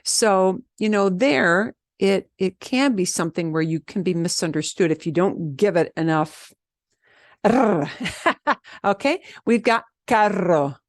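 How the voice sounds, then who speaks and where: Slow, patient woman teaching Spanish. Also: fairly low pitch, lively intonation, no room sound, clean studio sound. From American Southwest. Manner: patient, repeats words slowly with strong trills. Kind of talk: beginner language lesson.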